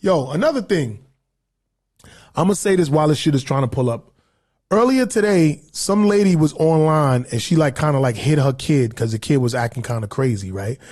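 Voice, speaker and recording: A man's voice: fairly high pitch, lively intonation, moderate pace, a little mellow. A man hosting a casual podcast livestream, ranting in a profane, heated, rambling way. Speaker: podcast host.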